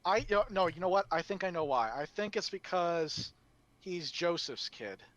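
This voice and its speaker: A man's voice: sits high, lively intonation, moderate pace, a bit bright, no echo, highs cut off. Tentative man thinking aloud on a podcast. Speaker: podcast co-host. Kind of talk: casual chat about a comic.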